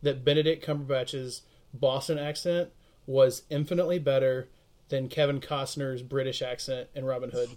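A man's voice: medium pitch, steady tone, moderate pace, darkish tone. A man joining a casual film chat, eager and laughing often.

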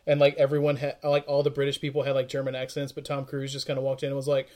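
A man's voice: mid-range voice, completely flat delivery, quick pace, a little mellow. A man joining a casual film chat, eager and laughing often.

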